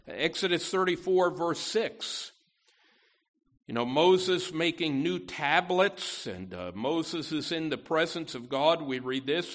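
A male pastor preaching with a lively, swooping pitch and an unhurried pace, leaning on emphatic repeats and slowing down to read Scripture aloud. His voice sits a little high for a man. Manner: lively preaching with frequent "you know" fillers and emphatic repeats; slows and swells when reading Scripture aloud. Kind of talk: sermon.

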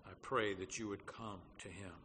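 A man's voice: lowish voice, steady tone, moderate pace, sharp tone. A man preaching a sermon as pastor, earnest and full of fillers and restarts, building to emphatic declarations. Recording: long hall reverb, faint background noise.

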